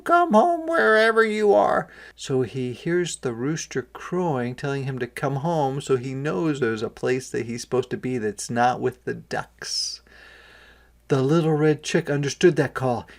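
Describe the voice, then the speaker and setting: A male kindergarten teacher reads a picture book aloud to young children, pausing to explain words. His voice is mid-range and creaky.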